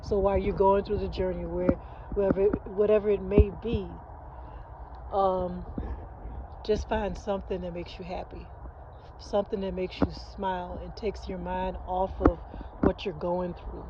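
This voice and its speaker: A woman's voice: on the low side, little pitch movement, moderate pace, highs cut off, background noise. Earnest woman in her fifties, rambling vlog. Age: 50s. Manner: earnest, rambling with many restarts. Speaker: channel host. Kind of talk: heartfelt vlog monologue. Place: at home early in the morning. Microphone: phone, face not shown.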